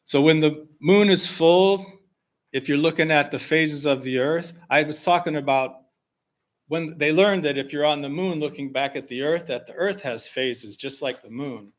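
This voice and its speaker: A man leading a service, telling a personal story and introducing a song in a slow, gentle way with pauses. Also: on the high side. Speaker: singer-songwriter leading a service. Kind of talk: spoken reflection and song introduction. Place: fellowship hall.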